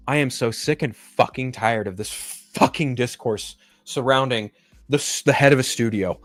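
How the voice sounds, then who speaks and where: A man's voice: medium pitch, normal speed, soft background music. A man hosting a pop-culture show, ranting in a profane, exasperated and mocking way. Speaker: podcast host.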